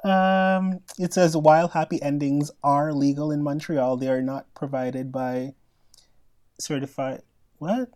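A man's voice: a little high, fairly even intonation, unhurried, a little mellow. A man co-hosting a podcast from Canada, chatting casually and animatedly, often laughing and acting out quoted voices. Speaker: podcast co-host. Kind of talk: casual chat.

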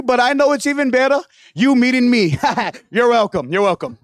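Man, guest preacher, church sermon, high pitch, jokey asides, losing his voice. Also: sing-song, normal speed, no echo, studio quality. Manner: playful, joking asides and frequent hallelujahs.

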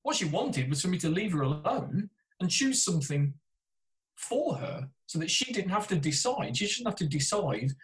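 Man, British accent, middle-aged, therapist, chatty, self-deprecating, animated pitch. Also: moderate pace, a little hiss or hum, low-quality recording. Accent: British English. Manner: chatty, self-deprecating storyteller with frequent restarts. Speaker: therapist and podcaster. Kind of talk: candid interview conversation.

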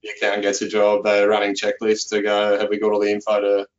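An accountant speaking as a guest in a relaxed interview, filling his speech with "you know". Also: fairly low pitch, quick pace, muffled recording. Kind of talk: conversational interview.

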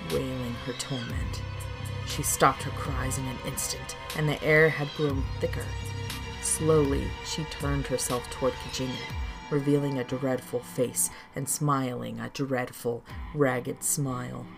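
A low-voiced woman tells a dark folk tale in a measured, deliberate way. Soft music plays faintly behind her narration. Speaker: storyteller and author. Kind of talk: storybook narration.

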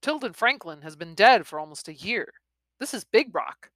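A woman voicing a calm, seasoned male gunfighter in a read-aloud western, cool and measured. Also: medium pitch, no echo, lightly acted.

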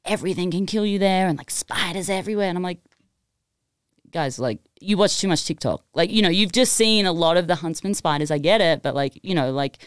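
A young Australian woman talks in loose, animated bursts, piling on "like" as she spins her stories. Her voice sits low and smooth, and the recording is dry and close. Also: a little fast, dry recording. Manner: animated storyteller, lots of "like". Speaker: guest producer. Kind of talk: casual chat.

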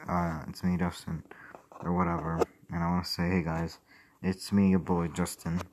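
A man's voice: sits low, flat delivery, normal speed, darkish tone, a little hiss or hum. A young man rambling casually and profanely on a livestream, with mumbled asides. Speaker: streamer.

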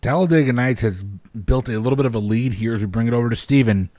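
A man's voice: medium pitch, fast talker, mellow, no room sound. A man hosting a casual podcast over a video call, wry and steering the panel from one speaker to the next. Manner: wry, moderating, hands turns to panel. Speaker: podcast host.

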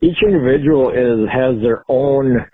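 An earnest man phones in and gives measured advice. His mid-pitched voice comes through a thin, dry phone line. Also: husky, dry recording. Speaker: caller. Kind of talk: phoned-in comment.

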